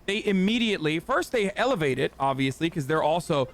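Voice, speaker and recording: A man's voice: fairly high pitch, expressive, fairly quick. An American man hosting a livestream, ranting sarcastically and with heavy profanity. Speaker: livestream host. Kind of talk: ranting commentary on a gaming stream.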